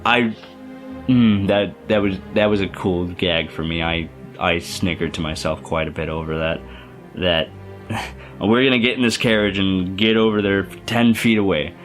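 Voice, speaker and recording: A man's voice: low-pitched, a little slow, soft background music. A young man casually reviewing a favorite film in a rambling, enthusiastic vlog, full of fillers and restarts. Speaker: youtuber.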